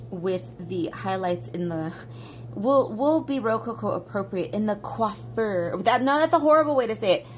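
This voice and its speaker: A woman's voice: mid-range voice, a little mellow, slight background noise. A woman artist vlogging while she colors, chatting casually and joking at her own expense. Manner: chatty, self-mocking, dramatic outbursts.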